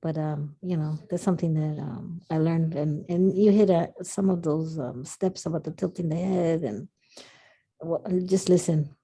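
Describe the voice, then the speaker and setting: A woman taking part in an online workshop, sharing a personal story in a rambling, halting way with many fillers. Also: sits low, gravelly, warm tone, slightly rough. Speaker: workshop participant. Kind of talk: casual sharing.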